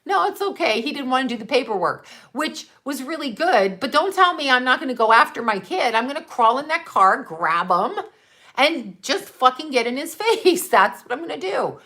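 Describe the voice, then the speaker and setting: Middle-aged woman telling stories, swears a lot, laughs between words, kinda high, sharp bright tone. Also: moderate pace. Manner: swears freely, laughs often mid-sentence; brash and animated. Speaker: mother and channel host. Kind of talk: casual storytelling.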